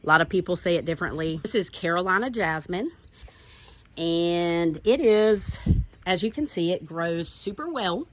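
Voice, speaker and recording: A woman's voice: lowish voice, expressive, moderate pace. A middle-aged woman with a Southern accent, chatting enthusiastically as she walks through her garden and shows off her plants. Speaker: garden vlogger. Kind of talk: casual garden tour narration. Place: outdoors in a home garden.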